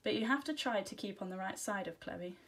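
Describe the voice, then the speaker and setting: A woman teacher reading a children's storybook aloud, giving gentle, expressive first-person narration. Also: mid-range voice, fairly quick.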